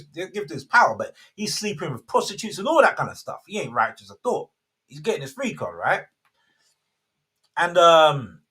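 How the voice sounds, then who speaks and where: A man's voice: on the high side, a bit bright, husky. A man, hosting a casual faith talk and rambling with many self-interruptions. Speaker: host.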